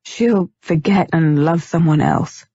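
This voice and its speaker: A woman's voice: sits low, slow, dark tone, husky, no room sound, muffled recording, full character voice. A woman voicing a gloomy, frustrated young man returned from death, in an audiobook reading. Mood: brooding.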